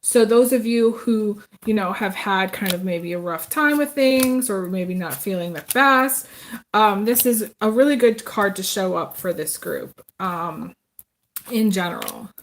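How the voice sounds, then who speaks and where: A woman giving a casual live tarot reading, rambling and chatty, with many pauses and restarts. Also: mid-range voice, slight background noise. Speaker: tarot reader.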